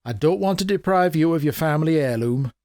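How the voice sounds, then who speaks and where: A man's voice: fairly high pitch, animated, brisk, darkish tone, no echo, clean studio sound, natural voice. A man voicing a shrewd, sly old woman who talks in a folksy, blunt, knowing way. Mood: menacing. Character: shrewd old woman, sly, tough-talking, feigns frailty.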